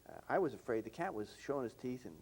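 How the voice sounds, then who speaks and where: Older man telling lively anecdotes. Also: mid-range voice, quick pace, slight background noise. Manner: animated anecdotal storytelling. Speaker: interviewer. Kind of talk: reminiscing conversation.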